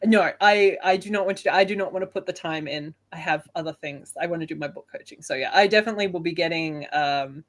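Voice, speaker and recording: An Australian woman with a gentle, understated Adelaide accent talks casually as a guest author. Her voice sits a little low for a woman. She chats easily, laughs often and makes light of herself. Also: quick pace, hardly any pauses. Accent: soft Australian (Adelaide). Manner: chatty, laughs often, self-deprecating. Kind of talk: casual interview chat.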